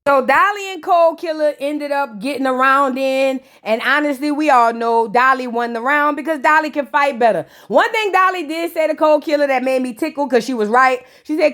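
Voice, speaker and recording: A woman's voice: high-pitched, brisk, few pauses, fairly bright tone. A woman giving a chatty, sassy recap of a reality show episode, full of slang and asides to her viewers. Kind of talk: casual gossip recap.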